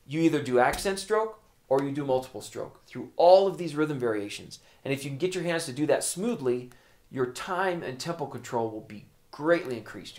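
Man, drum teacher, patient explainer, counts rhythms aloud, medium voice. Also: medium pitch. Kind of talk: instructional lesson.

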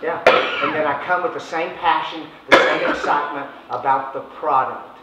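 A man leads an informal sales training session, speaking in a folksy, casual way and acting out phone conversations. His voice is a little high at normal speed. The room recording sounds echoey, distant, and dull, with heavy background noise.

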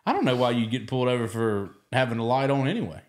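A man's voice: mid-range voice, lively intonation, fast, darkish tone. A man hosting a casual podcast chat, joking, laughing often and acting out the people he talks about. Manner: joking, laughs often, acts out quoted voices. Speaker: podcast host.

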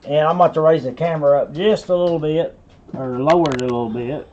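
A man's voice: on the high side, quick pace, a little mellow, highs cut off, a little hiss or hum. A man hosting a live online auction, calling bids over and over with folksy asides. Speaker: auctioneer and host.

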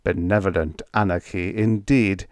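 A man's voice: low voice, fairly even intonation, normal speed, clear, resonant tone, no echo, close to an everyday voice. Man doing a guarded, level-voiced agent. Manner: level, careful. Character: guarded male space agent, tense, controlled.

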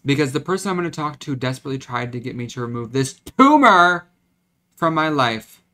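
A man's voice: medium pitch, very animated, moderate pace, pauses often, sharp tone. Choked up young guy rambling into his vlog cam, keeps restarting, close to crying. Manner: rambling and emotional, with frequent restarts. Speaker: vlogger. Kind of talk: emotional confessional vlog.

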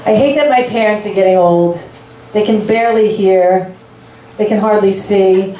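A woman in her forties performing a stand-up set of deadpan, self-mocking one-liners in a comedy club. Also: mid-range voice, normal speed, slight background noise. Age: 40s. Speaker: stand-up comic. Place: club stage with audience. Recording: echoey room, from a distance.

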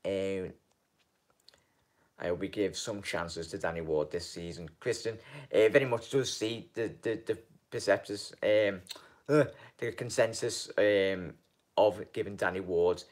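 A man's voice: deep voice, fairly even intonation. A man hosting a fan channel live stream, chatting casually and rambling through viewers' comments with lots of ums and "mate". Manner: rambling and halting, many ums, keeps calling viewers mate.

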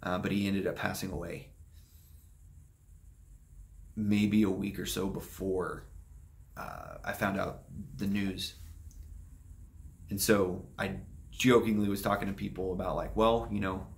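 A young man speaks in a low, gravelly voice. He tells a painful personal story for his vlog, soft-spoken and halting, pausing and starting over as the feelings catch up with him. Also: steady tone. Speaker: vlogger.

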